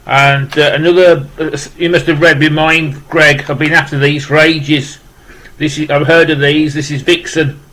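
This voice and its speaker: A man's voice: on the high side, little pitch movement, normal speed, a bit bright, poor audio. Rambling man. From West Midlands, England. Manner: rambling, repeating "wow" and restarting with many fillers. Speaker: vlogger opening a parcel of rock music gifts. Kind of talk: casual unboxing chat.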